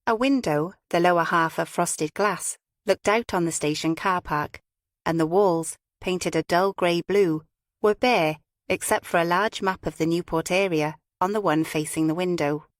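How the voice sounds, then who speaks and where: A woman with a fairly low voice narrates a crime novel in a measured, even way. The reading is close and dry, with no room sound. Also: no room sound. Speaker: audiobook narrator. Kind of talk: scripted narration.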